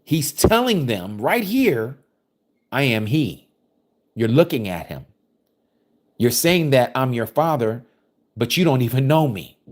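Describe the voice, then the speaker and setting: A man's voice: medium pitch, big pitch swings, slow pace, long pauses. A man preaching a scripture study, reading verses aloud and commenting on them with emphasis. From United States.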